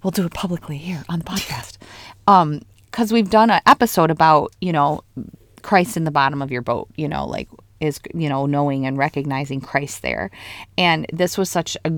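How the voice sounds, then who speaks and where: Low-voiced woman, animated podcast host. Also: normal speed, no echo, studio quality. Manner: animated, retells stories in lively bursts. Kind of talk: casual faith podcast chat.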